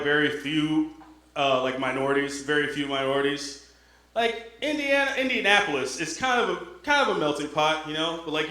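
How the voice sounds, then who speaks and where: A man's voice: on the high side, pushed and bright. A young man doing a stand-up comedy set, talking in a loose, conversational way and checking in with the crowd. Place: comedy stage in an echoey room. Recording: echoey room.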